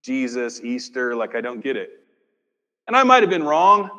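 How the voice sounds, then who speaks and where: A man's voice: mid-range voice, sing-song, moderate pace. Man preaching in a reverberant hall. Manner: dramatic shifts between loud emphasis and near-whispers; acts out dialogue with rhetorical questions. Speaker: pastor. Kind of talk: sermon. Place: church sanctuary. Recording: long reverb of a church hall.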